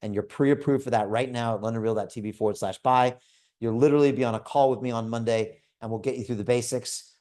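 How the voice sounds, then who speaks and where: A man in his fifties hosts a live video call. He pitches hard and persuasively, with an energetic, storytelling manner. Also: fast talker. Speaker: host.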